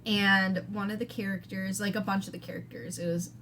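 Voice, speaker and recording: A woman's voice: mid-range voice, flat delivery, a little fast, a bit bright, a little hiss or hum. Chatty woman with a Wisconsin accent. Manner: chatty, laughing storyteller. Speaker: podcast co-host. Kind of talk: casual chat.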